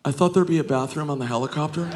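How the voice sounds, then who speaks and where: A stand-up comedian with a fairly high voice tells stories quickly and animatedly on a comedy stage, acting out the people in them and laughing at his own jokes. The recording picks up live crowd laughter and noise.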